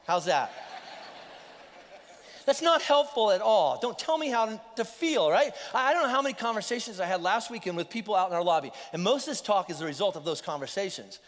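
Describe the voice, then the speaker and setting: A man preaching a sermon as pastor, animated and conversational, with lively asides to the congregation. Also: high voice, brisk. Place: church auditorium. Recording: long hall reverb.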